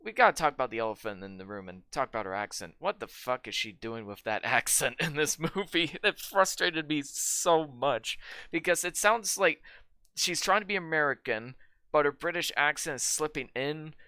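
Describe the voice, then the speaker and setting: A man's voice: a little high, animated, moderate pace, bright, forceful tone, clear, resonant tone, dry recording. A man co-hosting a film podcast, giving emphatic, opinionated takes and swearing freely in casual chat. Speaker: podcast co-host. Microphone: remote call mic.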